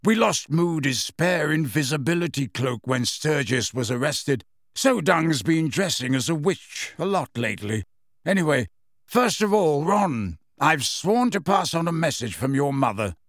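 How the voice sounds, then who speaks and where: A man voicing a wry, teasing grown man in an audiobook reading, delivered with lively intonation. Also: fairly high pitch, measured pace, no echo, studio quality. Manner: teasing, self-assured.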